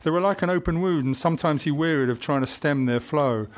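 A man reading a historical adventure novel aloud in measured audiobook narration. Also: fairly high pitch.

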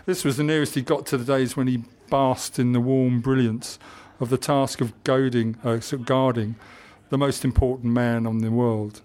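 A man reading a historical adventure novel aloud in measured audiobook narration. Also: mid-range voice, level tone, a little mellow.

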